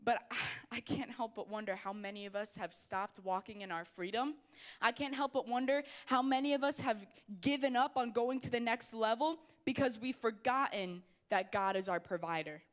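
A young woman giving an energetic, playful youth sermon, talking straight to the crowd in a church hall. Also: a little high, moderate pace. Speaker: youth pastor.

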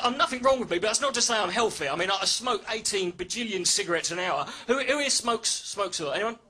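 A man's voice: very high voice, bright, forceful tone. A man doing a stand-up comedy set on a club stage into a handheld mic, sardonic, sweary and self-mocking. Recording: echoey live venue with crowd laughter.

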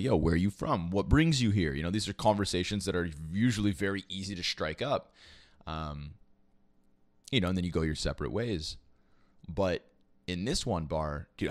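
A young Quebec man, an esports caster and podcast host, tells a loose, meandering story in a deep voice. He swears freely and plugs every gap with "you know" and "like." There's no room sound at all.

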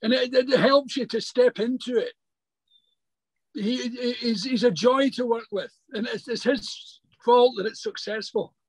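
Older male actor guest, unusually high pitch, chatty and stumbling storyteller. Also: slightly rough, no echo, rough recording. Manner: halting, repeats words, animated anecdotes. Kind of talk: remote interview, casual storytelling. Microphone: video call.

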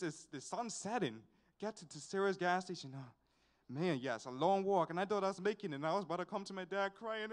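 A young man shares a testimony at a worship service, his voice pitched high. He tells it in an animated, repetitive way, full of sighs and asides. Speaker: church member giving a testimony. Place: church service.

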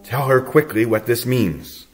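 Man playing God in heaven, hushed, urgent, quiet, slow. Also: medium pitch, animated, faint music behind, lightly acted. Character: God in heaven, a calm urging elder male voice.

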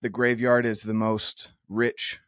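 A man's voice: lowish voice, level tone, slow, no room sound, studio quality. A man hosting an outdoors podcast, talking earnestly in a rambling way with many restarts. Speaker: podcast host. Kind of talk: casual interview chat.

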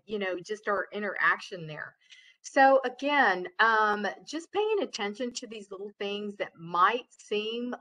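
A woman giving a casual training talk on customer service, chatty and loud, with many fillers and restarts. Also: medium pitch, low-quality recording. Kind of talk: casual webinar lecture.

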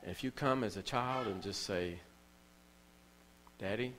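Low-voiced emotional male preacher. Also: fairly quick, a bit bright, slight background noise, poor audio. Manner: emotional storytelling preacher, repeats phrases for emphasis. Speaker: pastor. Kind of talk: sermon. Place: church.

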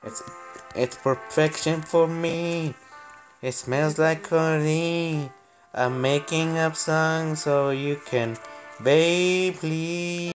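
A man's voice: a little high, extremely slow, faint music behind. A young man casually commenting on his building game, playful and rambling, making up silly stories. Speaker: game channel host.

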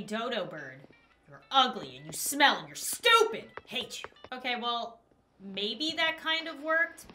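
A woman's voice: medium pitch, sharp tone. A young woman hosting a gaming video, chatting casually with playful, exaggerated reactions. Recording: roomy echo with faint music.

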